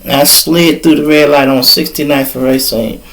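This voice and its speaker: A man's voice: a little high, fairly even intonation, moderate pace, creaky, a bit bright, poor audio. A middle-aged man hosting his own show, telling stories in a loose, profane, chatty way. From Chicago. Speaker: podcast host. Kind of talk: casual storytelling.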